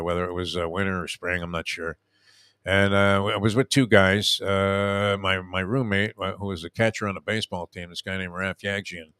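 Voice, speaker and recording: A man's voice: lowish voice, fairly bright tone, smooth, dry recording. A man in his sixties, a radio host, telling a long rambling story in casual chat, full of fillers and restarts.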